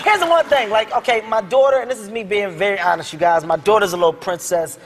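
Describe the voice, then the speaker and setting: A man from Philadelphia telling comic stories on a talk show, loud and animated, with shouted punchlines over a noisy live audience. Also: high voice, fast talker. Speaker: comedian. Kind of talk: stand-up and talk show storytelling.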